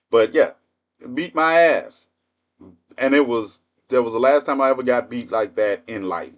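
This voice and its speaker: A man's voice: fairly low pitch, dull audio. Blunt storytelling man in his fifties. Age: 50s. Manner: blunt, profane, laughing often. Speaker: livestream host. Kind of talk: casual storytelling monologue.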